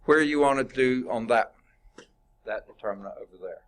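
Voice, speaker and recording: A man's voice: medium pitch, moderate pace. A male math instructor lecturing a class, working problems aloud, quizzing students and chatting informally with asides.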